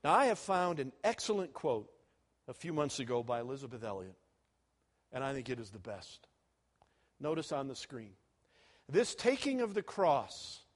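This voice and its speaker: A man preaching a sermon to students, animated, moving between loud and soft and chuckling at his own jokes. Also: on the high side, moderate pace.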